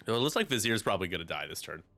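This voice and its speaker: A man giving joking, quick play-by-play commentary on a tabletop game during a casual live stream. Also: on the low side, very animated, gravelly, bright, forceful tone.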